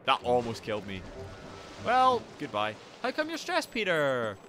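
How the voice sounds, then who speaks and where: Excitable man streaming a game. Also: medium pitch, measured pace, slight background noise. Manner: excitable, sweary, chatting to viewers. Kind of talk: live gameplay commentary.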